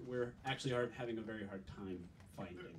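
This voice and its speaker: A man, a scientist called up from the audience, answers in a modest, hesitant way. He sounds off-mic and set back. Steady background noise runs under him. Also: fairly low pitch, quick pace. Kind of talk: casual on-stage chat. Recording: distant mic with audible noise.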